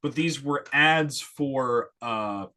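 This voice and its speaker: A man co-hosting a casual comedy chat, lively, explaining with many fillers. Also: mid-range voice, extremely slow. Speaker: podcast co-host.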